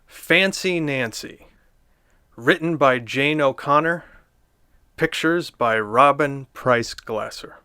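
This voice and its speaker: A man doing a deadpan comedic review of a picture book, with dry, sardonic, rambling asides. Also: medium pitch, slow, clear, resonant tone, no room sound.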